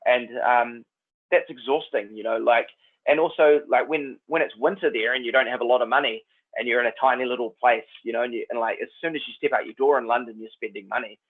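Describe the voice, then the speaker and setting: A New Zealand man with a Kiwi accent, an actor chatting as a guest in a relaxed, rambling way. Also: medium pitch, quick pace. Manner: laid-back, rambling, says "man" and "like" a lot. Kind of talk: casual chat. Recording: tinny phone-like line.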